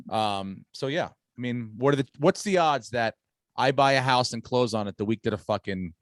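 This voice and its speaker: A man's voice: fairly low pitch, no echo. Middle-aged male podcast host, profane storyteller, dry close sound. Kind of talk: casual podcast chat. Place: home on Long Island, New York.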